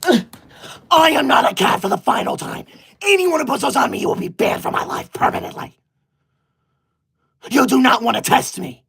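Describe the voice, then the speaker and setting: A man's voice: very high-pitched, very animated, moderate pace, gravelly, long pauses, fairly bright tone, breathy edge, heavily acted. Guy doing a touchy teacher's pet streamer kid, scolds and bans everyone, super dramatic. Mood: indignant. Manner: indignant, scolding, melodramatic outbursts. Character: self-righteous teacher's-pet boy livestreamer, touchy. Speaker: livestreamer. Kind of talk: comedic character skit.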